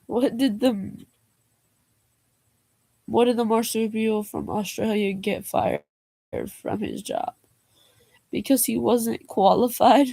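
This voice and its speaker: A woman's voice: fairly high pitch, steady tone, takes it slowly, creaky, pauses often, dark tone, slightly rough, no echo. A young woman vlogger reading jokes aloud in a casual way, laughing and groaning at them and adding slangy asides.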